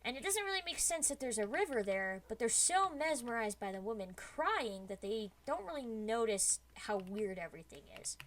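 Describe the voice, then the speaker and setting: A woman streamer relays a spooky tale to her chat in a casual, chatty voice that sits a little high. She talks in a lively way, dropping "like" often while she builds the suspense. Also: normal speed, few pauses. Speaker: streamer telling a story to chat. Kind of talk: casual spoken storytelling.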